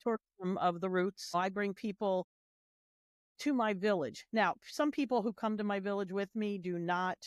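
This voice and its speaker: A woman tells a story animatedly in a panel chat, her pitch jumping up whenever she acts out other people's lines. Her voice sits in a middle range. The recording is dry and close. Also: moderate pace, no echo. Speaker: guest, heritage tour organizer. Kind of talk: casual panel conversation.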